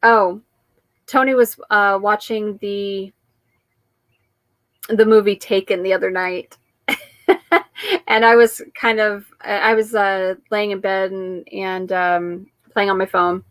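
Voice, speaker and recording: A woman's voice: mid-range voice, flat delivery, takes it slowly, long pauses, fairly bright tone, dry recording. A woman hosting her weekly live-stream chat, talking in a rambling, chatty way with frequent laughs.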